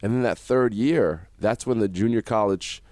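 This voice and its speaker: A man, a former basketball coach, guest on a radio interview, telling animated stories and acting out what people said to him. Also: on the low side, moderate pace, dry recording. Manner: animated storyteller acting out quotes. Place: radio studio.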